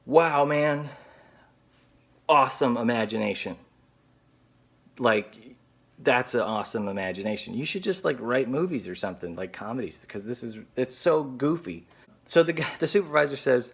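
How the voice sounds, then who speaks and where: A man's voice: mid-range voice, lively intonation, moderate pace, gravelly, a bit bright, husky. A man telling a story to camera as a video blogger, sarcastic and exasperated.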